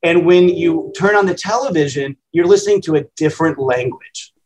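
A man's voice: a little high, normal speed, darkish tone, slight background noise, rough recording. A man in his fifties, a radio host, answering interview questions in a plainspoken, conversational, self-deprecating way. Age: 50s.

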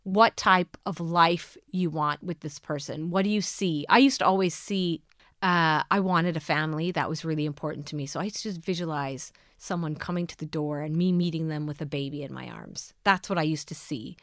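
Smooth low-voiced woman coaching listeners. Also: normal speed, a bit bright, dry recording, clean studio sound. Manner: earnest, asks many questions. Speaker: podcast host. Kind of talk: manifestation coaching talk.

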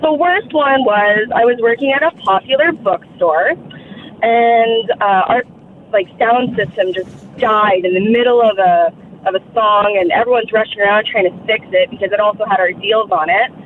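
A man's voice: high voice, moderate pace. A male caller telling an exasperated, sarcastic story about working retail. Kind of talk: telling an anecdote. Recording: tinny phone line with faint noise.

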